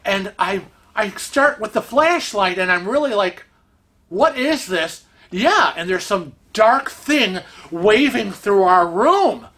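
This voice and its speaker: Bright-voiced man telling a story. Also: high-pitched, slow pace. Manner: animated, chatty, laughs through the story. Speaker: vlog host. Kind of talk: casual storytelling. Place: family room at home.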